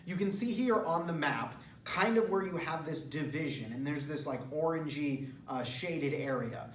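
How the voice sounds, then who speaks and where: A man's voice: on the high side, slight background noise. A male history teacher, giving a casual, conversational classroom lecture full of asides. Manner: casual, conversational, with asides and quick voiced examples. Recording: echoey room, voice from a distance.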